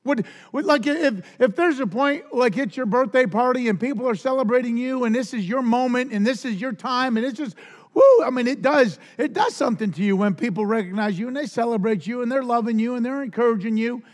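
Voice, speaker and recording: A man preaching a sermon with passion, stumbling over restarts and swinging between hushed lows and near shouts. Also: fairly quick, few pauses. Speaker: pastor. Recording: loud music behind the voice.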